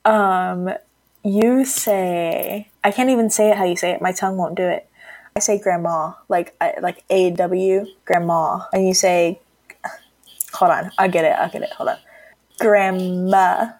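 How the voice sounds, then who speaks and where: A woman's voice: lowish voice, fairly even intonation, normal speed, darkish tone, dry recording. Chatty woman from Texas, laughing. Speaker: podcast co-host. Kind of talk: casual chat.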